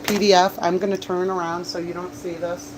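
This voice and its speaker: A woman's voice: on the low side, flat delivery, a little fast, background noise. A woman chatting casually on a livestream from a bar, rambling through stories with laughs and coughs. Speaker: livestreamer and bartender. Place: bar, indoors.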